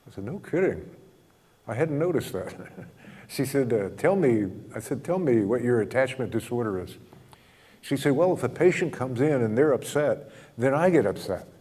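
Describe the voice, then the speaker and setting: A man telling a story about a counseling client to a group, acting out both sides of the dialogue in a relaxed, chuckling manner. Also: mid-range voice, big-room sound.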